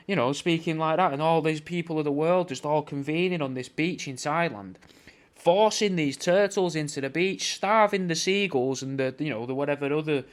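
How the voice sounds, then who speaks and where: A man's voice: fairly high pitch, brisk. A man hosting a podcast, rambling through a sweary, mock-conspiratorial comedic rant and calling the listener mate. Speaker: podcast host.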